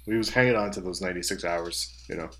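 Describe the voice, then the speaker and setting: A man's voice: sits low, quick pace, fairly bright tone. A young man co-hosting a podcast in casual chat, sarcastic, swearing freely and doing mocking voices. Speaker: podcast co-host.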